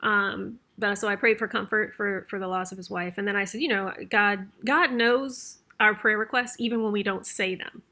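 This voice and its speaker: A woman's voice: medium pitch, fairly even intonation, normal speed, few pauses, pushed and bright. A woman vlogger telling a story in a chatty, rambling way, with many fillers and little laughs. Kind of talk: casual storytelling.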